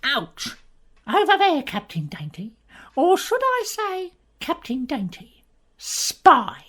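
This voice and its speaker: A woman's voice: sits high, wildly swooping pitch, takes it slowly, fairly bright tone, exaggerated voice. A woman playing a theatrical master of disguise. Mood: dramatic. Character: scheming spy of disguises, theatrical. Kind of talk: comedy audio play.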